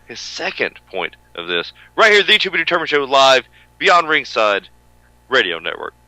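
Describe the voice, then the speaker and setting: A man co-hosting a wrestling radio show, with a booming voice that swings between hollering and low mutters. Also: big pitch swings, normal speed, pushed and bright, no room sound, poor audio. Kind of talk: loud rambling radio banter.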